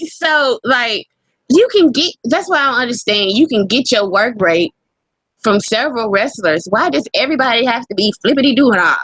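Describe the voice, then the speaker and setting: A woman co-hosting a casual wrestling podcast, animated and profane, laughing often. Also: on the high side, normal speed, no room sound. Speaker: podcast co-host.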